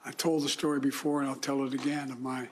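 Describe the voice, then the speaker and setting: An older man from the United States giving a formal, solemn speech, often clearing his throat. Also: medium pitch, level tone. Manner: measured, solemn delivery with frequent throat clearing. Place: indoor room.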